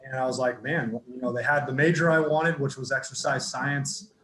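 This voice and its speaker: A man from Northern California, a football strength coach telling his story casually in a podcast interview, relaxed and rambling with lots of fillers and restarts. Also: mid-range voice, brisk, a little hiss or hum. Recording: echoey room with faint ambience.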